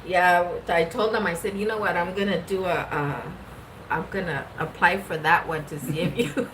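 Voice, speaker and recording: A woman's voice: lowish voice, fairly even intonation, moderate pace, distant mic, background noise. A woman co-hosting a casual vlog, chatting and laughing with amusement. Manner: giggly, laughing, amused reactions. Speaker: vlog co-host. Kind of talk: casual chat.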